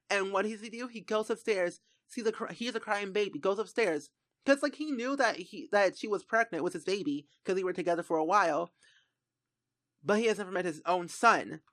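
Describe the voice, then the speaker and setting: Bright-voiced woman doing game commentary. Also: medium pitch, dry recording, clean studio sound. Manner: exasperated, talks to the game characters; animated, dramatic retellings. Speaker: gaming streamer. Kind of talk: let's play commentary.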